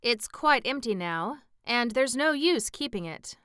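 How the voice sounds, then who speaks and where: A woman's voice: fairly high pitch, animated, unhurried, sharp tone, clean tone, dry recording, clean studio sound, voice pushed up. A woman reading the part of an earnest young boy adventurer in an audiobook, in a plain, slightly raised voice.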